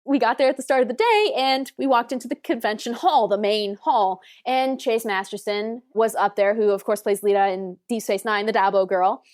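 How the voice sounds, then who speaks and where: A woman's voice: fairly high pitch, normal speed, few pauses. A young woman from Iowa, a podcast guest telling stories in a casual interview, laughing often and acting out the voices of the people in them.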